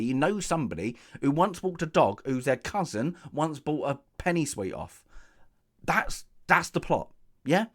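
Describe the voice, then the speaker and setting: A man casually reviewing a film, sarcastic and jokey, acting out characters' lines as he goes. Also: mid-range voice. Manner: animated, acts out characters' lines.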